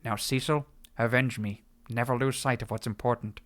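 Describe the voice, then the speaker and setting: A man's voice: mid-range voice, fairly even intonation, moderate pace, no room sound, close to an everyday voice. A man doing a weary old sage. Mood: remorseful. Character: regretful old male sage, gruff and vengeful.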